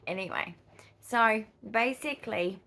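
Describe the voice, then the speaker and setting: A woman's voice: a little high, slow pace, gravelly, sharp tone. A middle-aged woman from Australia with an Australian accent, chatting casually to camera in a rambling, easily distracted way. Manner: rambling and easily distracted, with frequent fillers and laughs. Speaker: vlogger.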